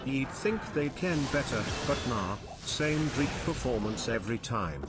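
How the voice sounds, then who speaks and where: A man's voice: medium pitch, animated, unhurried, heavy background noise, natural voice. A man voicing a boisterous old Irish pub man who rambles in mock-Irish gibberish full of pub slang. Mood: grumbling.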